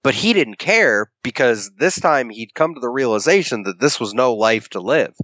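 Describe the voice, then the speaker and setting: A man co-hosts a podcast, retelling a comic book's story at length in casual chat, acting out the characters' lines and swearing freely. His mid-range voice is a bit bright, with lively intonation and a moderate pace. The recording is dry, dull, lo-fi podcast audio.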